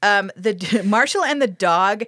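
A woman's voice: medium pitch, animated, a bit bright, no room sound. Woman podcast co-host, casual recap chat, laughs a lot, swears, dry close sound. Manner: laughs often, swears, acts out characters in quick asides.

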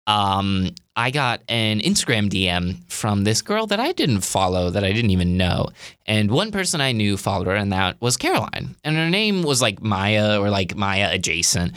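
A man's voice: fairly low pitch, big pitch swings, normal speed, fairly bright tone, smooth, no room sound, studio quality. A young man casually telling a personal story, chatty and filler-heavy, animatedly quoting himself.

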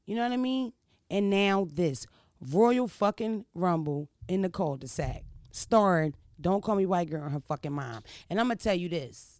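A man telling a crude, animated comedic story, full of rhetorical asides to his listeners. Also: high voice, normal speed, gravelly, no echo, studio quality.

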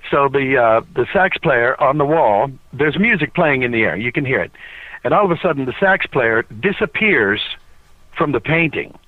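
A man voice actor tells a lively story in an interview, stumbling over restarts and fillers as he goes. His voice sits in a middle pitch range. The sound is thin and tinny, like a phone recording in a dead, dry space. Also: normal speed, dry recording. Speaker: voice actor guest. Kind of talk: casual anecdote in an interview. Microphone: cell phone recording.

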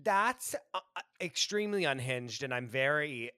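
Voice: mid-range voice, normal speed, no room sound, studio quality. A podcast co-host in casual chat who laughs often and teases. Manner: laughs often, teasing, animated.

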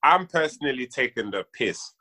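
A man's voice: mid-range voice, lively intonation, moderate pace, sharp tone. A man, a sketch comedy actor chatting as a podcast guest, joking and mocking himself. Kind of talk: casual podcast chat.

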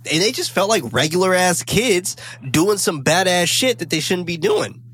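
Excitable guy recapping a movie, dry mic. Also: high-pitched, normal speed, no echo. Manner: excitable, swears freely, frequent fillers and restarts. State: caffeinated and talking fast. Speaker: podcast co-host recapping a film. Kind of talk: casual film recap chat.

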